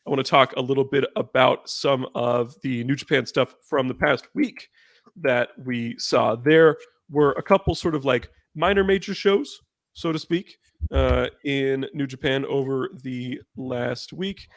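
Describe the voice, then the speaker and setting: A man runs a casual podcast chat, rambling through his points with plenty of fillers and restarts. His voice has a gravelly grain. The sound is dry, with no room around it. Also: medium pitch, unhurried, no echo. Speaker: podcast host.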